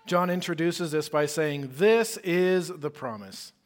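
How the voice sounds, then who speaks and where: A man's voice: a little high, takes it slowly. A man preaching a sermon as pastor, conversational and emphatic, with rhetorical questions.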